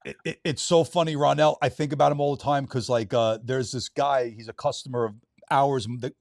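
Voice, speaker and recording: A man talking as a podcast guest, loose and joking, quick to laugh and swear. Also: medium pitch, steady tone, creaky, no room sound, studio quality. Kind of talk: casual chat.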